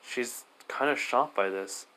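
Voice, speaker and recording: A man's voice: mid-range voice, unhurried, pushed and bright, poor audio. Rambling young man retelling a story. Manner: rambling and hesitant, many fillers and self-corrections. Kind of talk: improvised fan-fiction retelling.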